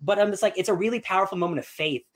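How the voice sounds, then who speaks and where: A young man chatting casually as a podcast host, gushing and excitable with lots of fillers. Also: high-pitched, very fast. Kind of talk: casual chat.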